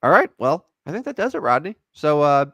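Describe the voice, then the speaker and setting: A man co-hosts a sports podcast in a rambling, joking way. His pitch swings widely as he talks. The sound is close and dry, with no room echo. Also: brisk. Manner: rambling, jokey, animated sign-off. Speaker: podcast co-host. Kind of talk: casual sports podcast chat.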